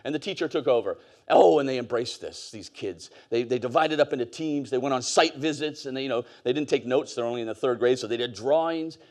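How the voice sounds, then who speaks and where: A man's voice: medium pitch, fairly quick, darkish tone. A man gives a casual, anecdote-driven conference talk on stage, full of fillers and asides. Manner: conversational, storytelling, with fillers and laughs. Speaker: conference speaker.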